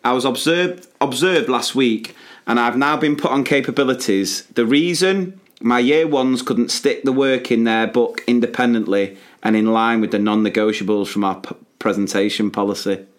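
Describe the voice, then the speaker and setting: A man's voice: medium pitch, normal speed. Chatty man venting with laughs. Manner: animated, venting, laughs often. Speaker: podcast co-host, primary teacher. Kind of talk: casual podcast chat.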